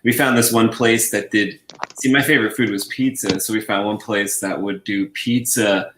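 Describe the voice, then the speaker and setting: A man's voice: on the low side, steady tone, moderate pace, a bit bright, roomy sound, slight background noise. A man hosting a casual live chat, playful and laid-back, fond of making up silly phrases. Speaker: host.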